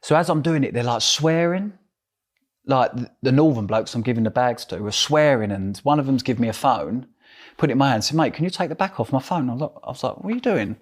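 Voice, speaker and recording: A man's voice: mid-range voice, quick pace. A middle-aged man with an Essex accent, an interview guest telling his story animatedly and acting out the voices of others. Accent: Essex English. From England.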